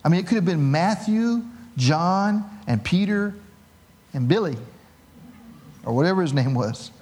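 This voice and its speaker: A middle-aged man preaching a sermon as pastor, telling a personal story with animated, self-mocking humor. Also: high voice, unhurried, slight background noise.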